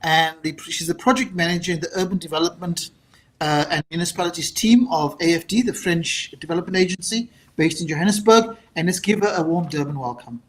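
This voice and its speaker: A man emcees a public event, his delivery earnest and halting. His voice sits a little high for a man. The sound carries the reverb of a large, roomy space. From South Africa. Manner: earnest, halting, with many fillers. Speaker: master of ceremonies.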